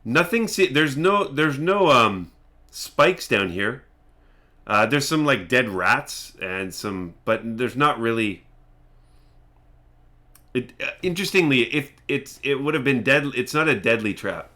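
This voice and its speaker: Brief: male game master, slow, halting, bright tone. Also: mid-range voice, expressive. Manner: hesitant, many fillers, laughs often. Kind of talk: narrating a tabletop game.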